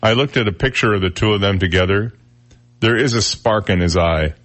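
Low-voiced joking radio host man. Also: a little fast, fairly bright tone. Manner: joking, chuckles at own jokes. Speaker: radio talk show host. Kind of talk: casual on-air chat. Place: radio studio. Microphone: studio microphone.

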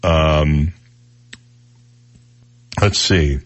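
A man's voice: a bass voice, fairly even intonation, very slow. A male radio talk host reading jokes aloud in a dry, sarcastic manner.

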